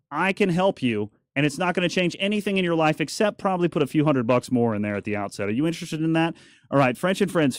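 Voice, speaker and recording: A man's voice: on the high side, no echo, clean studio sound. A man hosting a talk radio show, chatty and opinionated with joking asides. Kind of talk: casual talk radio monologue. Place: radio studio.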